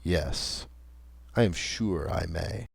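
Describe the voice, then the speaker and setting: A man voicing a brooding, solitary railway signalman who speaks low, quiet and wary in a storybook reading. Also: slow pace, vocal fry, breathy edge, no room sound, full character voice. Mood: wary, subdued.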